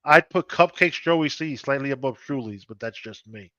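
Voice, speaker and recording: A man's voice: mid-range voice, normal speed, sharp tone, no echo. A man hosting a casual live stream, reading out viewer comments with blunt, teasing banter. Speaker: host. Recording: dull dry lo-fi audio.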